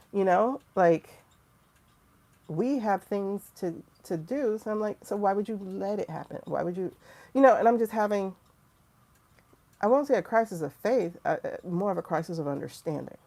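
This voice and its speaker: Her voice runs low, gravelly, and dark as she hosts a spiritual livestream devoted to tarot. She recounts a story in casual, candid speech, quoting herself and others with profane asides.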